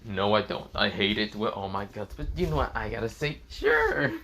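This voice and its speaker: A man voicing a cold, menacing teenage boy soldier in a fan-made story, slightly raised in pitch and flatly threatening. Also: normal speed, exaggerated voice. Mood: grudging.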